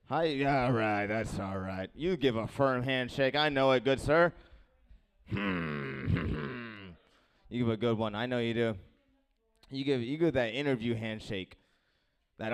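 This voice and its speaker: A man doing stand-up on a club stage, laid-back and mumbling, breaking into bursts of shouting at the crowd. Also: medium pitch, moderate pace, clear, resonant tone. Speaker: stand-up comedian.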